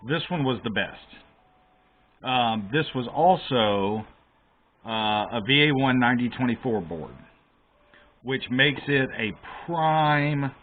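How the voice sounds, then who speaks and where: A man casually walking through a console repair at his workbench, emphatic and exasperated about the shoddy work he found. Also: medium pitch. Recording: tinny phone-like sound with faint hiss.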